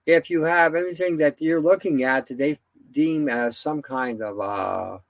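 A man's voice: on the high side, measured pace, vocal fry, no echo. A man giving a rambling, indignant solo commentary, full of fillers and restarts.

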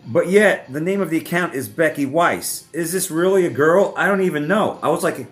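A man's voice: a little high, animated, fairly quick, few pauses, a bit bright. A man hosting reaction commentary, ranting with heavy profanity and frequent laughter. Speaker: host.

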